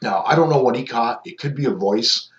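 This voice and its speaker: A man's voice: mid-range voice, brisk. A man who investigates hauntings talks casually through footage, rambling with lots of ums and restarts. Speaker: paranormal investigator. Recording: echoey, dull lo-fi sound.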